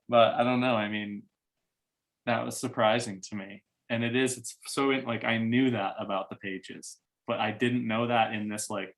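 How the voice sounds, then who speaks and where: A man's voice: mid-range voice, normal speed, fairly bright tone. A young man on a video call, talking candidly in a casual group share, swearing often and filling his talk with "like". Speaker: workshop facilitator.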